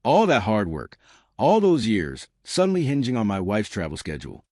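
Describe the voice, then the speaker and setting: Brief: fifties man, low and animated storytelling narration. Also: normal speed, no room sound, studio quality. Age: 50s. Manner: expressive, storytelling. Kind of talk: scripted first-person story narration.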